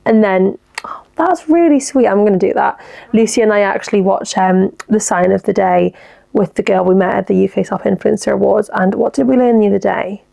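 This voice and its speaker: Chatty young woman with gravelly fry. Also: mid-range voice, fairly quick, mellow. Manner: chatty, giggly, reacts aloud to listener messages. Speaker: podcast host. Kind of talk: casual solo podcast chat.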